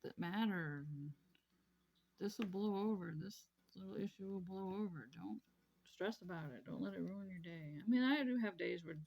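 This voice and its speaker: A woman's voice: medium pitch, moderate pace, vocal fry, a little mellow. A woman vlogging casually about her craft hobby, rambling and repeating herself in an easygoing way. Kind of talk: casual chat while crafting.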